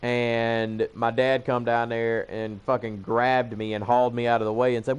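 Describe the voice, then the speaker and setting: A man's voice: medium pitch, normal speed, hardly any pauses, smooth. A young man with a Southern US accent casually telling a long, profane story while he plays a game. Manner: profane, rambling, animated. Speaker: gaming channel host. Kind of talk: casual storytelling over gameplay.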